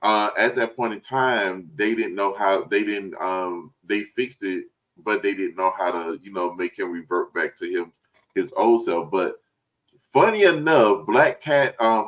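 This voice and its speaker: A man co-hosting a casual podcast chat about comics and films, hesitant and halting, often restarting his sentences. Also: fairly low pitch, rough recording. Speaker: podcast co-host.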